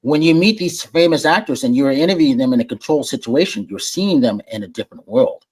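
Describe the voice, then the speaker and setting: A man guest on a podcast, telling stories in a warm, friendly, animated way, often restarting his sentences and acting out other people's lines. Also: mid-range voice, fast talker, husky. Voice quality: warm and friendly voice-over delivery. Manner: animated, acts out quoted voices, repeats words when starting. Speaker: podcast guest, entertainment journalist. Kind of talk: casual interview storytelling.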